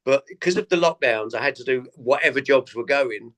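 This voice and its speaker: A man's voice: mid-range voice, fairly quick. Chatty male comedian telling tour stories. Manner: animated anecdotes, acts out quoted voices. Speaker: comedian guest. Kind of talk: casual interview storytelling.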